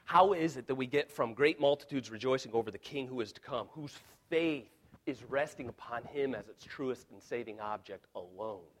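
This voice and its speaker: A man's voice: mid-range voice, normal speed. A man preaching an expository sermon in an earnest, emphatic way, often repeating words as he restarts. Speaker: pastor.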